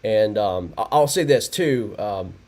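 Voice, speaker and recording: A man's voice: fairly low pitch, lively intonation, unhurried, a little mellow. A man hosting a live results stream, rambling with many fillers and restarts, laughing often. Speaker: tournament host.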